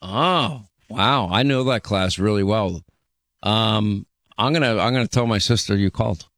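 Male talk radio host, dry studio sound, quick and chatty. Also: lowish voice, fairly bright tone, no echo. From Long Island, New York. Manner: brisk, chatty, teasing.

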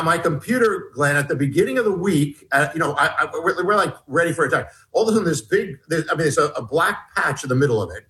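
A man, an author being interviewed, retelling a story in a rambling way, with many halting restarts. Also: fairly high pitch, pushed and bright, poor audio. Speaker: author and guest.

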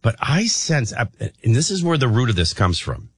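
A man hosting a morning talk radio show, rambling and thinking out loud with many restarts. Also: medium pitch, sing-song, normal speed, breathy edge, dry recording.

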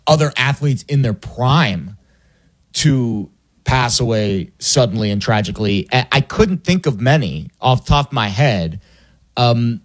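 A man on casual sports talk, earnest and hesitant, restarting phrases and filling with ums. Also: mid-range voice.

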